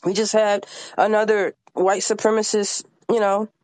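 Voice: mid-range voice, little pitch movement, normal speed, no room sound. An independent artist and activist speaking on a podcast, angry and emphatic, swearing often. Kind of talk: impassioned podcast conversation.

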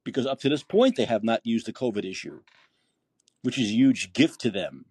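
This podcast host runs a political call-in show, delivering a heated, indignant monologue full of swearing and rhetorical questions while reading listener posts from his feed aloud. His medium-pitched voice is husky and a little mellow, with lively intonation and a slightly fast pace, and there's no echo.

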